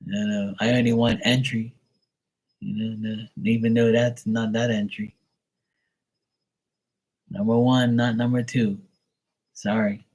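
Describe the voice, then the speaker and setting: A man's voice: fairly low pitch, level tone, a little slow, long pauses, a little mellow. A man hosting a live stream, telling jokey stories in casual, profane chat and laughing often. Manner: profane, joking storyteller who laughs often. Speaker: livestream host.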